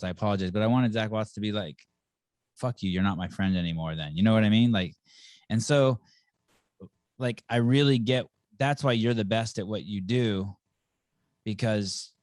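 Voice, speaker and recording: Male podcast host with a low, dry voice, blunt and swearing, chatting in a loose, rambling way. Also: a little mellow, no echo. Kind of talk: casual podcast chat.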